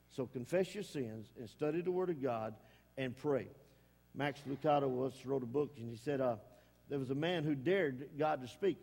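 A man preaching a sermon, swinging between hushed and emphatic delivery. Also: mid-range voice, normal speed, vocal fry, in a large hall. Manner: folksy, rising and falling between hushed and emphatic.

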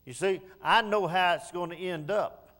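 A man's voice: high-pitched, normal speed, a bit bright. A man preaching a sermon in a church, emphatic and repeating key phrases. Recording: long reverb of a church hall.

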